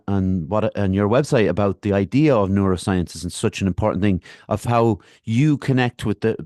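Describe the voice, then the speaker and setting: A man's voice: fairly low pitch, a little mellow, no echo, clean studio sound. A man hosting a podcast interview, talking in a rambling, hesitant way with many restarts. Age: 30s or older. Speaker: podcast host. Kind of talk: casual interview chat.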